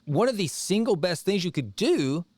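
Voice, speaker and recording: A man's voice: sits high, big pitch swings, moderate pace, a little mellow, no echo. A middle-aged man hosting a podcast, talking casually and digressing as he comments on an article. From Texas. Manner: conversational, digressive, chatty asides. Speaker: podcast host.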